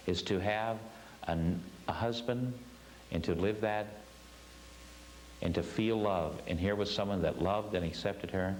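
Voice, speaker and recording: A man with a fairly low voice leads a spiritual class, telling a story in an earnest, emphatic way. He hammers home his points by repeating phrases. A faint hum sits under the recording. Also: rough recording. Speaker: spiritual teacher.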